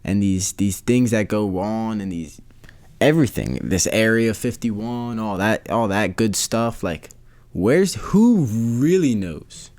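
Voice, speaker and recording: A man's voice: fairly low pitch, expressive, slow, darkish tone. A man hosting a casual solo podcast, rambling and repeating himself in disbelief. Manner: rambling, repeats phrases, incredulous. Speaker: podcast host.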